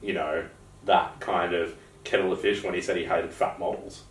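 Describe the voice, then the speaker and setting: Deep aussie bloke on a podcast, blunt and sweary, roomy sound like he's a bit back from the mic. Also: little pitch movement, moderate pace, recorded from a distance. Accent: Australian. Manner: blunt, swearing, storytelling with asides. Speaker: podcast co-host. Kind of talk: casual chat.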